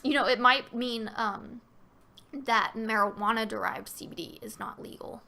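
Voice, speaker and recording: A woman's voice: a little high, normal speed, gravelly, sharp tone. A woman hosting a casual live-stream Q&A, talking loosely with many fillers and restarts and reading viewer questions aloud.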